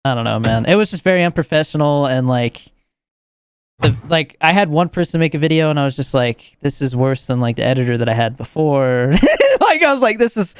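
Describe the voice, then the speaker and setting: A young man hosting a podcast with friends, rambling through stories full of "like" and quick laughs. His voice is smooth and clear at an ordinary pitch, recorded dry and close. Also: animated, no room sound. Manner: rambling, filler-heavy, laughs often. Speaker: podcast host. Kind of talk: casual chat.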